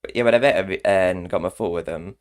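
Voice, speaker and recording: A Scottish vlogger chats casually in a rambling video, often laughing between remarks. His voice sits low and comes out fast and smooth.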